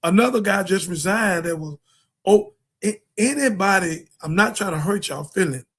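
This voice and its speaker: Man, high voice, preachy, emphatic, rambling, talk show host. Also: lively intonation, moderate pace, fairly bright tone, slightly rough. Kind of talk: impassioned political monologue.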